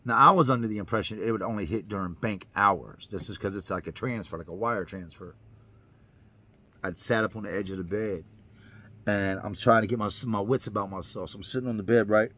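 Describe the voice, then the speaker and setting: A man's voice: on the low side, brisk, pushed and bright. A man, a YouTuber, telling his own story in an earnest, emphatic way, repeating lines for effect. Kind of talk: personal storytelling to camera.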